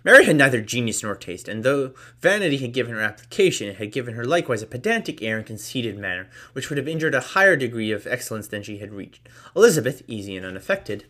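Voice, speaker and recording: A man reads a classic novel aloud at a brisk clip. His pitch is an ordinary middle register, and he breaks off now and then for casual offhand remarks. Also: very animated, bright, forceful tone. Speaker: reader.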